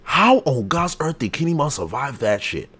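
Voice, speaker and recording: Hyped-up man reacting loudly. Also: mid-range voice, moderate pace, slightly rough. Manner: excitable, hype, loud outbursts. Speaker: channel host. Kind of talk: live comic reaction.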